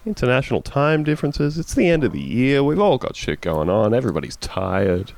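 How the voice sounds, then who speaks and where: A man hosting a casual comedy podcast, wry and deadpan, sounding tired. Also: mid-range voice, brisk, vocal fry, no echo. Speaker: podcast host.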